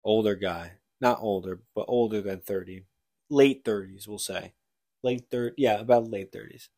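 Guy on a book podcast, lowish voice, retelling a plot loosely, dry close sound. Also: moderate pace, warm tone, dry recording. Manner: rambling retelling full of "like" and restarts. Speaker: podcast co-host. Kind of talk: casual book chat.

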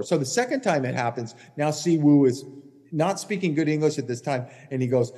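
Guy cussing through a caddie story on a podcast, dark mellow tone, lots of room reverb. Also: on the high side, animated, fairly quick. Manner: blunt, heated, swears constantly. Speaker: podcast co-host, former tour caddie. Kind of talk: profane storytelling chat.

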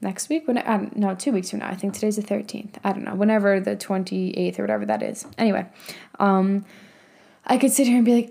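A young woman with a mellow, soft-edged voice hosts a motivational podcast in a loose, chatty way. She peppers her talk with "like" and drops casual swear words while giving advice. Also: medium pitch, fairly even intonation, brisk, creaky. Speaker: podcast host and business coach.

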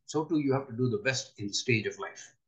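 An older man giving an earnest spiritual talk, often pausing to ask his listeners rhetorical questions. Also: medium pitch, highs cut off. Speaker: spiritual teacher.

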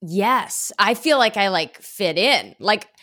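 A woman's voice: medium pitch, expressive, slow, pushed and bright. A woman guest on a comedy podcast, talking candidly and self-deprecatingly, often laughing. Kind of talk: casual comedic chat.

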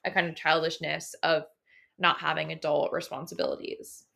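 Bright, animated woman co-hosting a podcast. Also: low voice, normal speed, creaky. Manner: animated, laughs often, swears casually. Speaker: podcast co-host. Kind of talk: casual book discussion.

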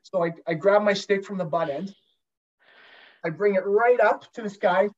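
A former pro hockey goalie telling a long, profane story as a guest in a casual chat, with lots of restarts. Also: male voice, high-pitched, moderate pace. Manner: profane, rambling anecdotes with many restarts. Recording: dull lo-fi sound.

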